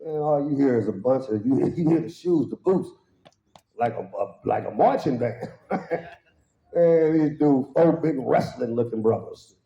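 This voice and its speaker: Dark-voiced man telling a funny story. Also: unhurried, creaky. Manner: animated, acts out quoted voices with sudden high pitch jumps; laughs through his own punchlines. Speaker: guest speaker at a worship service. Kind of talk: humorous storytelling testimony. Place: church hall. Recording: roomy, slightly dull hall sound.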